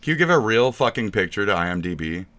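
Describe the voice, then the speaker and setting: A man's voice: lowish voice, sing-song, quick pace, a bit bright. A man streaming live, ranting and mocking with crude swearing in casual reaction talk.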